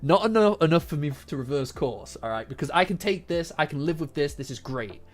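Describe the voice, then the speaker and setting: A man hosting a casual manga reaction, animated and profane, repeating lines for emphasis. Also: on the high side, a little fast. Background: faint lofi background music.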